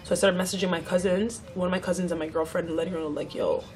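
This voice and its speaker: A woman's voice: on the low side, flat delivery, rapid-fire, a little mellow. A young woman vlogger telling a story in a casual chat, swearing freely and acting out what others said.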